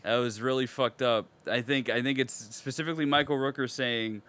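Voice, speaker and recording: This podcast co-host is a young man with a mid-range voice who speaks fairly quickly in casual chat. He's excitable and swears a lot, sinking into mumbles before bursting out loudly.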